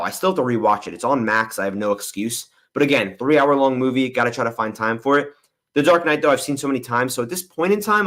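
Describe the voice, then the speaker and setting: A man's voice: mid-range voice, a bit bright. A young man hosting a movie livestream Q&A, answering viewer questions in a candid, rambling way. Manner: rambling and candid, often says honestly and "I'm gonna be real".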